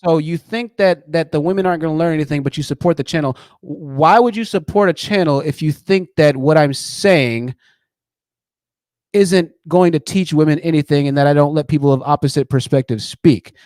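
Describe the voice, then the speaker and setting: A man hosting a call-in debate stream, mocking and pressing his caller with fast repeated words. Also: fairly high pitch, a little mellow, dry recording, clean studio sound. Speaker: channel host.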